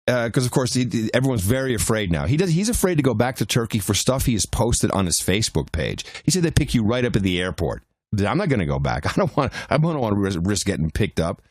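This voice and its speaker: This medium-pitched man, co-hosting a podcast, chats casually through a long travel story, rambling with frequent restarts and fillers. The recording is dry and of studio quality.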